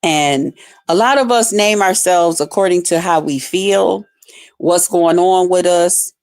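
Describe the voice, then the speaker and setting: A woman's voice: on the low side, measured pace, a little mellow. A woman hosting a livestream, ranting bluntly and profanely at her chat in a casual, fired-up way. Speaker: livestream host.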